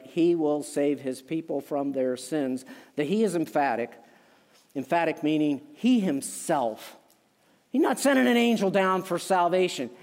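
A male pastor preaching a sermon in an easy, conversational way, swelling into emphatic lines and dropping into quiet asides. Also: high-pitched. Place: church sanctuary. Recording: long hall reverb.

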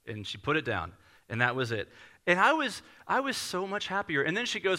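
A male pastor in his thirties preaches to his congregation with a piercingly bright, edgy tone that sits a little high for a man. He talks in a loose, conversational way, telling stories at his own expense as he builds toward his point. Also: big pitch swings, brisk. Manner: conversational, self-deprecating storytelling. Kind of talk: sermon.

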